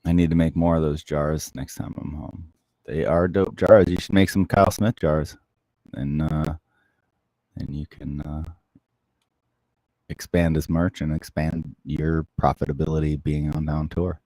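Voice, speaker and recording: A man hosting a casual livestream, chatting softly and closely into the microphone as he answers viewer comments. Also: very deep voice, fairly even intonation, unhurried, dry recording. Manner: soft-spoken, close to the mic. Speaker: livestream host.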